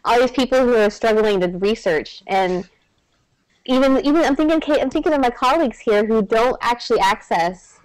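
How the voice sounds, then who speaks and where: A woman's voice: on the high side, normal speed, dry recording, low-quality recording. A woman who is a doctoral student and educator, chatting enthusiastically on a panel. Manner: enthusiastic, eager. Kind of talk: casual panel chat.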